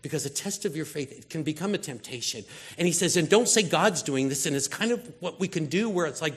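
A man's voice: a little high, fairly quick. A man preaching a sermon in a casual, conversational way, acting out voices as he retells stories. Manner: casual, animated storytelling with acted-out voices. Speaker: pastor.

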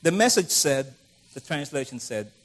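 A man's voice: medium pitch, big pitch swings, normal speed. A middle-aged man preaching a conversational sermon, acting out the voices of the people he quotes.

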